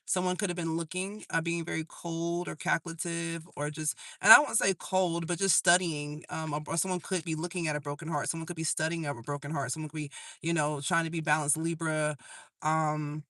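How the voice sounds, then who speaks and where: High, bright-voiced man reading tarot live. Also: steady tone, fairly quick, no room sound. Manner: loose and profane, laughs at own jokes; breaks into singing old songs. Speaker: tarot reader.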